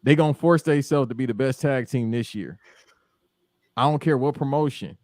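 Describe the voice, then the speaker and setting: A man's voice: medium pitch, moderate pace, a little mellow, no echo, studio quality. A man co-hosting a wrestling podcast, talking loosely and joking, often trailing off mid-thought. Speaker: podcast co-host. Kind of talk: casual wrestling chat.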